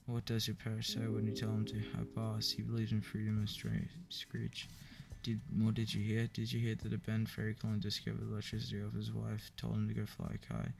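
Deep, gravelly man reading jokes. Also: fairly quick, few pauses. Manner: flat, weary reading with profane asides. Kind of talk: reading a joke book aloud. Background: clear background music.

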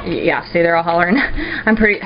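A woman's voice: fairly low pitch, fairly quick. A woman with a Southern US accent, chatting casually through dinner prep for her family vlog, rambling with lots of ums and likes. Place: home kitchen. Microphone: handheld camera. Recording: lo-fi home video with family chatter.

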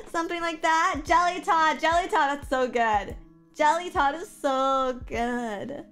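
A young adult woman livestreams casually, reading viewer comments aloud and reacting in an animated, profane and self-mocking way. Her voice sits high and moves a little slowly, with faint music playing behind her.

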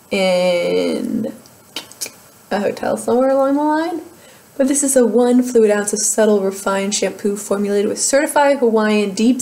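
A young woman talks through her used-up beauty products in a relaxed, chatty vlog. She pokes fun at herself and laughs often between remarks. Her voice sits in an ordinary middle pitch. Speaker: beauty vlogger. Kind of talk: casual product review vlog.

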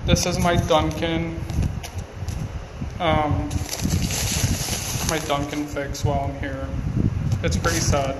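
A man talks casually into his phone for a live stream, rambling and circling back over the same story. His voice sits a bit high. The phone audio is roomy, with a long reverb tail. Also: little pitch movement, slow, long pauses, heavy background noise. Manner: chatty, rambling, repeats himself with lots of likes. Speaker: vlogger on an Instagram live stream.

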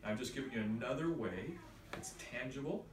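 A man's voice: medium pitch, expressive, brisk, background noise. A man teaching a church confirmation class, patiently explaining and quizzing his students. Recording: echoey room from far off.

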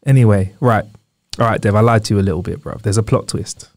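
A man's voice: lowish voice, quick pace, darkish tone. A man with a northern English accent co-hosting a podcast, teasing his friend and telling stories in casual banter. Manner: teasing, storytelling. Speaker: podcast co-host.

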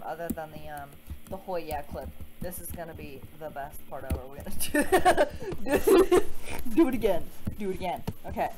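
A young woman livestreaming a game, chatting casually, swearing a lot and mocking herself. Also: low voice. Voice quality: frequent swearing, self-mocking asides. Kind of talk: casual livestream chat while gaming.

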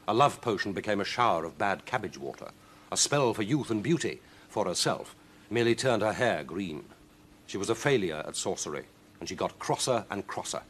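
A man reading a children's story aloud in a lively, expressive way. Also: lowish voice, fairly quick, a little hiss or hum.

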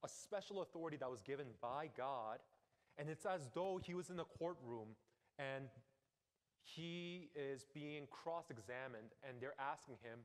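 A man preaching a sermon as pastor, earnest and emphatic, dropping into quiet low asides. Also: measured pace. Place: church sanctuary. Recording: long hall reverb.

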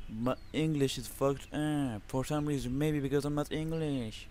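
A man from Lebanon hosting his own channel, giving excitable, profanity-heavy commentary on a survival game and talking trash at the enemies. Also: mid-range voice, normal speed. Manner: excitable, swears constantly, talks to the enemies. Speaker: gaming channel host.

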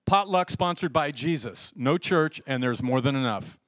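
A male pastor preaching a sermon in an animated storytelling way, acting out the voices in his stories. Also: mid-range voice, normal speed, no room sound.

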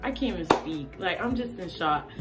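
A woman vlogger in a casual rant, animated and exasperated, talking with lots of slang. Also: lowish voice, fairly quick, over loud music.

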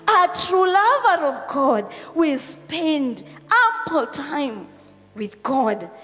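A Kenyan woman pastor preaching a Sunday sermon, tearful and emotional, swinging between loud calls and whispered prayers. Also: very high voice. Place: church hall. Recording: long hall reverb with faint music.

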